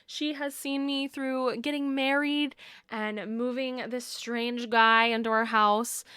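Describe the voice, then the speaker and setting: A woman's voice: fairly high pitch, sharp tone, clear, resonant tone, dry recording, clean studio sound. A woman in her twenties hosting a casual podcast, gushing and sentimental as she chats. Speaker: podcast host. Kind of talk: casual chat.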